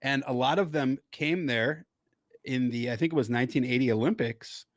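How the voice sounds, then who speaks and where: Casting: male podcast co-host, mid-pitched voice, playful and riffing, dry close sound. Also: moderate pace, dry recording. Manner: playful, riffing, breaks into silly high voices. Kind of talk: casual chat.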